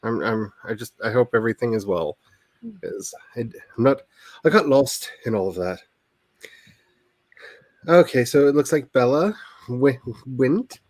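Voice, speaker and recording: A man's voice: mid-range voice, animated, measured pace, long pauses, a little mellow, no room sound. A man hosting a casual livestream chat, talking in a rambling, self-deprecating way over a video call. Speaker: livestream host.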